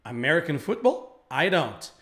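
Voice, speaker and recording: A man's voice: a little high, sing-song, normal speed, fairly bright tone. A man voicing a polite young Brazilian exchange student who gives earnest answers.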